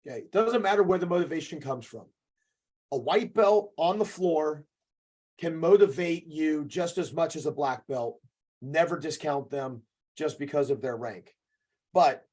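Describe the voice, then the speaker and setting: A man's voice: on the high side, animated, unhurried, long pauses, darkish tone. A man co-hosting a podcast as a jiu-jitsu coach, giving an emphatic, profane motivational talk that keeps checking in with "okay".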